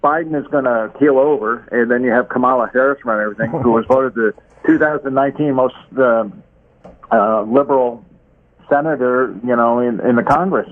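A man's voice: mid-range voice, moderate pace. A man calling into a talk show by phone, speaking with many fillers and repeated words. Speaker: caller. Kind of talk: casual phone interview. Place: Florida. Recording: tinny phone line.

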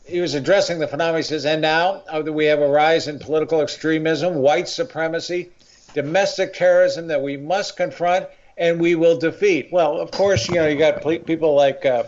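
An older man speaks as a guest on political talk radio, with a somewhat high voice. He rambles, stumbles over his words and restarts, but stays firmly opinionated. His line sounds muffled and lo-fi. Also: fairly even intonation, fairly quick. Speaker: guest writer.

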